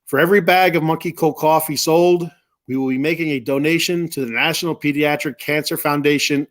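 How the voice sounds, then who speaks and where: A man's voice: on the high side, steady tone, fairly quick. A man hosting a casual sports talk stream, rambling with lots of fillers and repeats. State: choked up. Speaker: sports podcast host.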